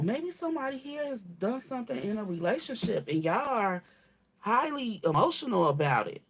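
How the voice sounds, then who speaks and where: A woman gives her viewers a channeled spiritual reading, speaking casually and bluntly, swearing, calling them baby, and emphatically repeating herself while asking "okay?" again and again. Her voice is fairly high, slightly rough and very animated, at a normal speed.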